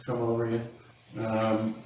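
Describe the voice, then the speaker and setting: A man's voice: medium pitch, monotone, measured pace, noisy background. A man running a tabletop game as game master, easygoing and describing the action to his players. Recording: echoey room, far from the mic.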